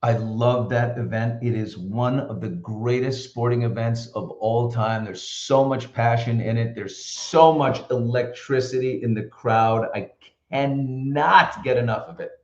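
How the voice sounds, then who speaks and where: A middle-aged man hosting a casual live show, telling stories in an animated, opinionated way. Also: medium pitch, unhurried, echoey room, dull audio. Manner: chatty storyteller, animated and opinionated. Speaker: host. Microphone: computer mic.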